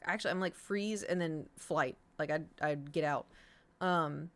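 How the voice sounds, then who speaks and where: A young adult woman chats casually on a home stream, her voice sitting a little low. She rambles from one thought to the next and swears freely as she tells her stories. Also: fast talker, a bit bright. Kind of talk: casual chat. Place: home room.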